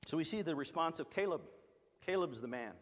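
A man's voice: a little high, expressive, brisk, big-room sound. A middle-aged male pastor preaching a sermon, in an emphatic, storytelling way.

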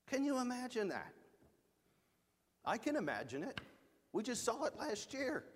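A man's voice: very high voice, very animated, a little slow, slightly rough, long reverb tail. A middle-aged male pastor preaching a sermon, in an emphatic, storytelling way.

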